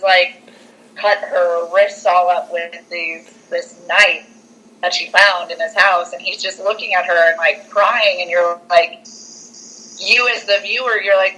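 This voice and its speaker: A woman's voice: on the low side, a little slow, poor audio. A young woman on a podcast, casually and animatedly retelling a film plot, full of "like" and acted-out quotes. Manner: animated storyteller, heavy use of "like", acts out quotes. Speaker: podcast co-host.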